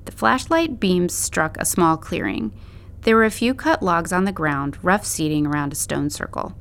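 A woman narrating a story as an audiobook in a steady, measured way. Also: fairly low pitch.

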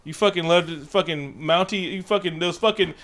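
Podcast co-host, male, slightly high voice, brash and profane, animated storyteller. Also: fairly quick. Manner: loud, profane, joking, animated retelling. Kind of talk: casual chat recapping a movie.

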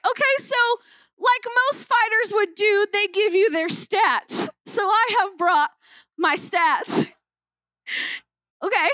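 A woman's voice: extremely high pitch, slow pace, pushed and bright, no echo. A young woman pastor opening a sermon with playful, self-mocking stories from a church stage.

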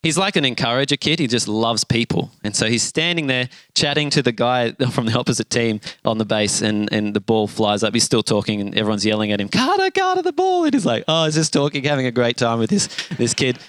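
Animated man preaching. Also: mid-range voice, brisk, few pauses, dry recording. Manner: animated storyteller, acts out voices with shouts and gasps. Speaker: pastor. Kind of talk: sermon with storytelling.

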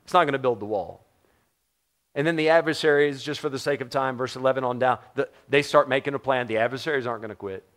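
A man's voice: medium pitch, quick pace, fairly bright tone. A middle-aged man from the United States preaching a sermon in a conversational, joking way, often putting questions to the congregation. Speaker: pastor.

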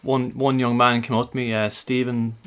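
A man's voice: mid-range voice, flat delivery, moderate pace, fairly bright tone. A man co-hosting a fan podcast, teasing and joking. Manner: jokey, teasing. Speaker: podcast co-host. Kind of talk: casual chat.

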